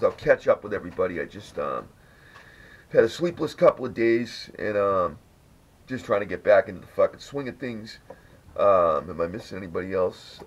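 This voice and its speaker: A man hosting a casual podcast, telling a rambling, profanity-laced story. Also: fairly low pitch. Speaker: podcast host. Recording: dull lo-fi audio with faint noise.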